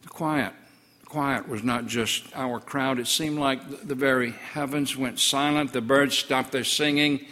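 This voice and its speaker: An older man voices a twelve-year-old village boy who tells of a miracle with earnest wonder. The tone is bright and forceful, and it sinks low and hushed in the sad moments. A long church reverb trails each phrase. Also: fairly even intonation, unhurried. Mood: grieving, awed. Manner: earnest storytelling, voice drops low in sorrowful passages. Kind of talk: first-person story sermon.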